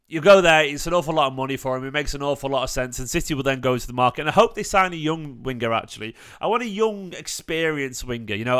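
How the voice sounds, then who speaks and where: A man's voice: medium pitch, sharp tone, clear, resonant tone. A man hosting a fan channel, chatting casually and opinionatedly about football transfers, rambling with fillers and restarts. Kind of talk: casual livestream football chat.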